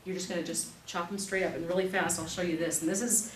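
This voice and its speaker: A woman in her thirties teaching an evening class, chatty and animated, telling stories with quick laughs. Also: lowish voice. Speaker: class instructor. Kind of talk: live classroom demonstration. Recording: echoey room, distant mic, faint noise.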